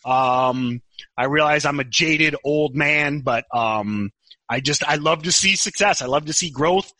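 A man's voice: a little high, unhurried, bright, forceful tone, dry recording. A man co-hosting a podcast in casual chat, teasing and joking. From United States. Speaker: podcast co-host.

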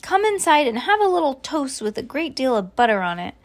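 Mom doing a sweet doting storybook wife, high and bouncy. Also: female voice, sing-song, fairly quick.

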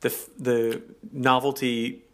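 A man's voice: mid-range voice, little pitch movement, takes it slowly, fairly bright tone. A man from America co-hosting a podcast, joking in casual chat and talking like he's on the radio. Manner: jokey, radio-like delivery. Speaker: podcast co-host.

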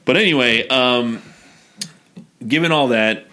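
A man's voice: mid-range voice, unhurried, sharp tone. A man co-hosting a casual movie-review chat who talks bluntly and profanely in long rambling runs. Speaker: podcast co-host.

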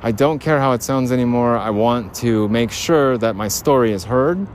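On his own podcast, a man strolls outside and rambles solo, delivering blunt rants sprinkled with casual swearing. He speaks at medium pitch and a moderate pace over slight background noise.

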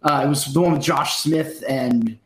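A man's voice: a little high, moderate pace, roomy sound, low-quality recording. A man co-hosting a podcast, telling stories in a rambling, casual way with fillers. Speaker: podcast co-host. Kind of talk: casual chat.

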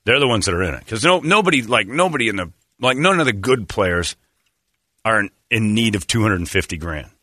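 A man's voice: lowish voice, brisk, dry recording, clean studio sound. A man hosting a radio show, telling rambling stories in casual banter and acting out what people said. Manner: rambling, animated, acts out quotes.

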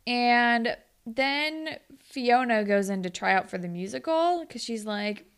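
Animated higher-voiced woman recapping. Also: slow, smooth. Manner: animated, laughs often, swears. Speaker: podcast co-host. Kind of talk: casual TV recap chat.

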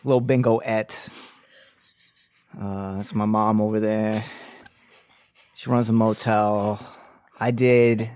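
Guy doing a slow unsure young dude, low voice, lots of ums. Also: little pitch movement, darkish tone, smooth, no room sound. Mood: hesitant. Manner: halting, hesitant, full of fillers. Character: hesitant young man, alligator derby rider.

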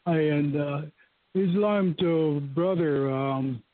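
An older man calling into a show, halting and appreciative, with soft laughs. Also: a little high, no room sound. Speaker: caller. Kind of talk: call-in comment. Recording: thin phone-line call.

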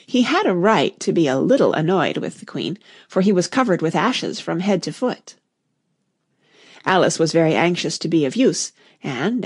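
Expressive woman reading a storybook. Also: on the low side, slightly rough, no echo, clean studio sound. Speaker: narrator.

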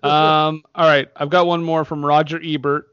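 A man's voice: fairly high pitch, level tone, normal speed, fairly bright tone, clean tone, dry recording, lo-fi sound. A man hosting a casual movie podcast, laughing often as he reads reviews aloud. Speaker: podcast host.

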